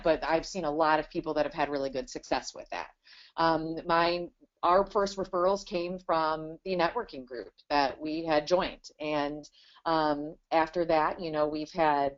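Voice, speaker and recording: A woman in her thirties, a business owner talking casually in a webinar interview and filling her talk with "you know". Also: low-pitched. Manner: chatty, many "you know" fillers. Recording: dull lo-fi webinar audio.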